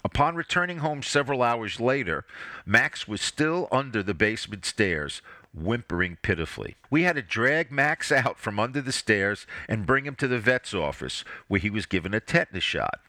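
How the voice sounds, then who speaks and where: Male narrator, wry story reader, bright and very lively delivery, dry close recording. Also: medium pitch, moderate pace, no echo. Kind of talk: reading a personal story aloud.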